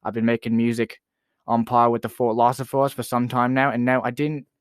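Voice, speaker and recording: A man's voice: mid-range voice, monotone, fairly quick, clear, resonant tone, no echo, clean studio sound, close to an everyday voice. A man playing a boastful, self-important rapper who is a guest on a comedy talk show. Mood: smug. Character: boastful young male Canadian rapper, royalist.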